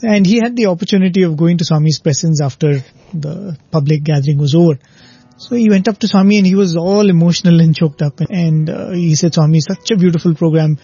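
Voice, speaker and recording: High-voiced older man telling stories. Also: brisk, slightly rough, no echo. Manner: warm anecdotal, laughs often, uses "you know". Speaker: guest recounting stories. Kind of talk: conversational storytelling. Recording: slightly muffled recording with faint music.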